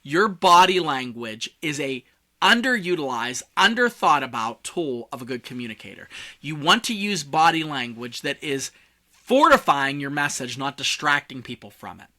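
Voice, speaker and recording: Bright-voiced man coaching public speaking. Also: a little high, expressive, moderate pace. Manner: swings volume and tone on purpose, from loud to hushed; casual and joking. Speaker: communication coach.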